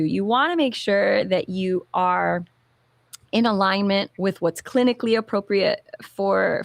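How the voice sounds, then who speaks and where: A woman who founded a therapy clinic, explaining in an animated way and acting out parents and children in little quotes. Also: mid-range voice, creaky, no room sound. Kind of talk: explanatory talk-show chat.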